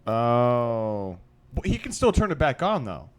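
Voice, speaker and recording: A man riffing loosely on a podcast in a studio. He talks in a rambling, profane way, trips over his own restarts and swears freely. His voice sits at a middling pitch for a man. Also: big pitch swings, unhurried, clean tone. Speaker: podcast co-host. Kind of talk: casual brainstorming chat.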